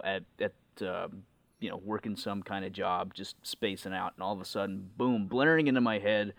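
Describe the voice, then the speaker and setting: A man's voice: fairly low pitch, fairly bright tone, no room sound. A man being interviewed as a guest musician, talking enthusiastically and rambling with plenty of fillers. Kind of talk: casual interview chat.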